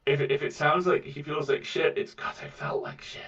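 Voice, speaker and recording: A man with a British accent and a soft, mellifluous voice chats casually as an interview guest, often repeating words as he goes. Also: on the high side, steady tone, fairly quick. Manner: rambling, with frequent repeats of words. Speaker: voice actor guest. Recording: muffled, distant mic.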